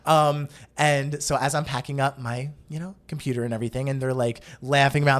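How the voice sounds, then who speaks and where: A man's voice: mid-range voice, fairly even intonation, quick pace, hardly any pauses, fairly bright tone. A man co-hosting a podcast, telling a story in casual chat with lots of fillers and restarts, acting out quotes and swearing casually. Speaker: podcast co-host.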